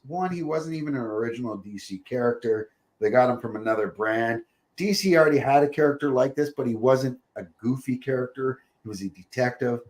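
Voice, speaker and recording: A man's voice: medium pitch, a little mellow. A man hosting a podcast in casual chat, joking, rambling and laughing often. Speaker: podcast host.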